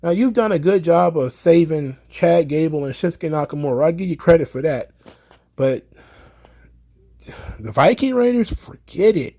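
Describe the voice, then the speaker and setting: A man ranting about wrestling in casual commentary, exasperated and profane, his voice climbing as he gets worked up. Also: a little high. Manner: exasperated, profane, rising to loud rants.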